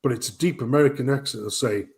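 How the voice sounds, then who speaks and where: A man's voice: mid-range voice, fast, darkish tone. A man hosting a casual live chat, ranting and swearing. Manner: swearing, ranting, mimics voices. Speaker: host.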